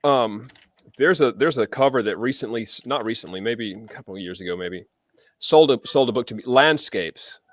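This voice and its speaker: A man's voice: mid-range voice, normal speed, dry recording. A man from the southern United States chatting as a guest on a book livestream, rambling with restarts and sounding keen. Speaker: podcast guest. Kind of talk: casual livestream chat.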